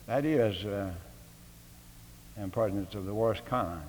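Folksy older preacher in a hall. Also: male voice, on the low side, measured pace, pauses often, darkish tone. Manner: homespun, humorous, with hesitant fillers and rhetorical questions. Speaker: guest preacher addressing a seminary faculty. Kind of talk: folksy sermon-style address. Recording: long hall reverb.

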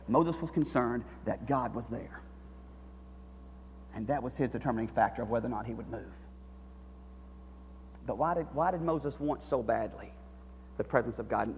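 A man preaching a sermon with passion, swinging between hushed, quiet passages and near-shouted, fervent ones. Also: mid-range voice, big-room sound, slight background noise.

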